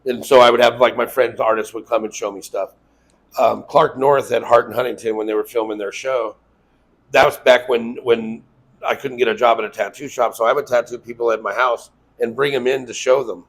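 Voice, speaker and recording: A man's voice: medium pitch, steady tone, a little fast, rough recording. A man who owns a tattoo shop, telling loose, profane stories in a casual interview and acting out what people said to him. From Las Vegas. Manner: loose, profane storytelling with acted-out quotes. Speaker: tattoo shop owner, guest.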